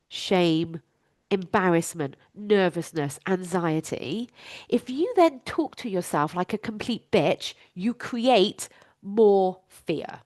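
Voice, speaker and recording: Woman doing a solo coaching podcast, slow and deliberate, blunt with the swearing, dead dry sound. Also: medium pitch, no room sound. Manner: frank and emphatic, swears freely. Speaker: life coach and podcast host. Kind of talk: candid podcast monologue.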